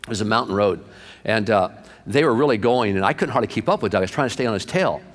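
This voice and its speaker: A male pastor preaching a sermon through lively anecdotes, acting out the people in his stories. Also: fairly low pitch, quick pace, long reverb tail. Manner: animated anecdotes, acted-out quotes. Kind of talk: sermon storytelling.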